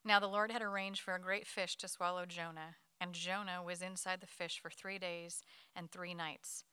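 A woman leading a Bible study, reading a scripture passage aloud to her group at a quick pace. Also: fairly low pitch, clean tone, no echo. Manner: quick, lively reading with light laughs.

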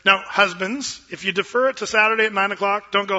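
Bright high-voiced man preaching. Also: fairly quick, muffled recording, a little hiss or hum. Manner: animated, joking, acts out quoted voices. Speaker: pastor. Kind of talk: sermon.

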